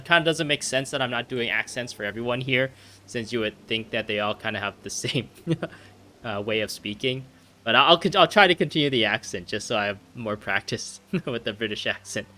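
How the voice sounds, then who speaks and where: Young man, gameplay commentary, chatty, lowish voice, bright, faint noise. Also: fairly quick. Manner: chatty, laughing, self-deprecating. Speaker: gaming video host.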